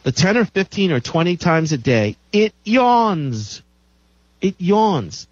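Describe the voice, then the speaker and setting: A man's voice: on the high side, very animated, a little slow, no echo. A man hosting a health show, lecturing emphatically and repeating his key claims. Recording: dull lo-fi dry recording.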